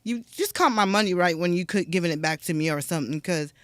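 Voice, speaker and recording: A young adult woman, a podcast guest, chatting casually and telling stories with lively energy, acting out what other people said. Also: fairly low pitch, fast talker, dry recording, clean studio sound. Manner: animated storyteller who acts out other people's lines. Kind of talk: casual conversation.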